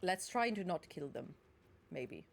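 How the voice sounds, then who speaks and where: A woman streaming a game chats away with sarcastic asides and casual swearing. Her voice swings widely in pitch, bouncing between mutters and bright exclamations. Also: sing-song, a little slow, vocal fry. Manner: sarcastic, swearing, laughing often. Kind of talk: casual gaming commentary.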